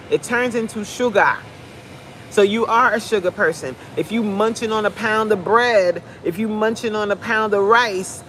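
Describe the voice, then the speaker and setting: A woman's voice: medium pitch, fairly bright tone, a little hiss or hum. A fitness coach, a woman, giving a blunt, preachy, joking pep talk on a live stream.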